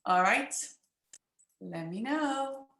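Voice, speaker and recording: A woman coaching viewers on a livestream, her speech quick and chatty as she talks straight to them. Her voice is bright and sharp, pitched a little high, and the room around her echoes noticeably. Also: animated. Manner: fast-talking, chatty, addresses viewers directly. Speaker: business coach. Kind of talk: live-streamed social media coaching talk.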